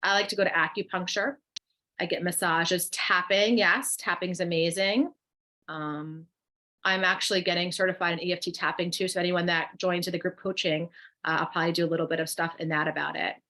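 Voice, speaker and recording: A woman with a New Jersey accent co-hosts a live wellness webinar through a computer mic, chatting through viewers' comments and guiding them in breathing exercises. She speaks a little quickly in a low, pushed, bright voice with fairly level intonation.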